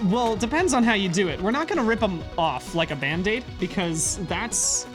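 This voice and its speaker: A man chats playfully as a co-host, his pitch bouncing around with animation. He laughs easily. Background music plays clearly beneath his voice. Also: lively intonation, moderate pace. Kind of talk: casual chat while gaming. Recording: music playing under the voice.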